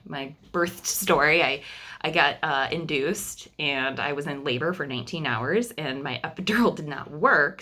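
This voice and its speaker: Low-voiced, bright young woman vlogger. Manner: chatty and candid, with frequent fillers and restarts. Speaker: vlogger telling her family's story. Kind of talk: casual storytelling to camera.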